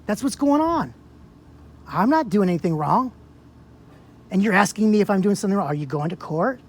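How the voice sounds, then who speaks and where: A man's voice: high-pitched, lively intonation, normal speed. Confrontational man arguing on a sidewalk. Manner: confrontational, fires rhetorical questions, repeats himself. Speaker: vlogger confronting an officer. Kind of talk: heated sidewalk argument. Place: public sidewalk outdoors.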